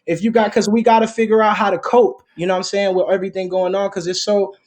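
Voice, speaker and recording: Male guest, high voice, loose rambling delivery full of fillers. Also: flat delivery, quick pace, a little mellow. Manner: rambling, heavy on fillers and restarts. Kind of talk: casual conversation.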